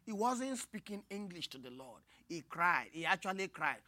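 A woman preaching a sermon, moving from hushed asides to loud, cried-out lines. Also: mid-range voice, normal speed, hardly any pauses, dry recording. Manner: expressive, swings from hushed asides to loud cries.

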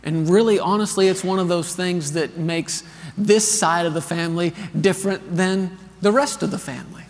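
A man in his thirties, a pastor, preaches a sermon in a large church hall with a high voice at normal speed and few pauses. He tells a story in an animated, earnest way and calls on the congregation to answer back. A long reverb tail trails his words.

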